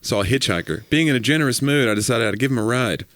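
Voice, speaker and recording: A man co-hosting a podcast in casual comedic chat, telling jokes with animated delivery and acting out the voices in the quotes. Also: mid-range voice, fast talker, no room sound. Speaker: podcast co-host.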